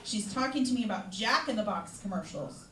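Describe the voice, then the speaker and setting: A woman's voice: medium pitch, animated, fairly quick, fairly bright tone, slight background noise. A middle-aged woman doing a stand-up comedy set at a bar open mic, wry and self-mocking. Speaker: stand-up comic. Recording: echoey room, crowd laughter.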